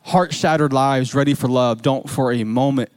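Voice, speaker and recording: A man's voice: medium pitch, normal speed, clear, resonant tone, no echo. A man preaching a sermon as pastor, earnest and building to fervent emphasis.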